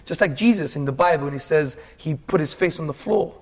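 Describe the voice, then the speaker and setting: Earnest animated man telling his story. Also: a little high, brisk, husky. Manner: animated, earnest, calls the host bro. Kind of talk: casual storytelling chat.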